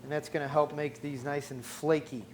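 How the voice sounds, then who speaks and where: A man with a slightly higher voice hosts a cooking demonstration from a studio kitchen. He explains each step in an upbeat, joking way, with a faint murmur of background noise. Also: little pitch movement, normal speed. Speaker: cooking show host.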